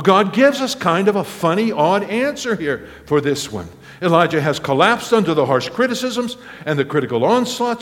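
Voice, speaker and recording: A man's voice: high-pitched, fairly bright tone. A male pastor preaching a sermon, telling stories animatedly with acted quotes and chuckles. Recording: long reverb of a large hall.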